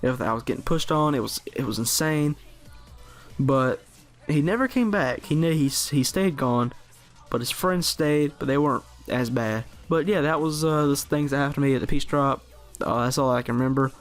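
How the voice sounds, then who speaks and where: A man's voice: mid-range voice, normal speed, soft background music. A teenage boy telling a story casually on his video channel, rambling with lots of restarts and fillers. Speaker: vlogger.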